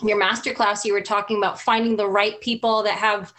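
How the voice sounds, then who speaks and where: Woman, mid-pitched, thoughtful podcast guest. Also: little pitch movement, fairly quick, fairly bright tone. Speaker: podcast guest, cleaning business owner. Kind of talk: casual podcast chat.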